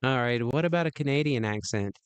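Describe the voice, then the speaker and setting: Playful rambling man, crisp and dry. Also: mid-range voice, lively intonation, a little fast, dry recording. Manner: rambling and playful, many restarts. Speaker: livestream host. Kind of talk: casual stream chat.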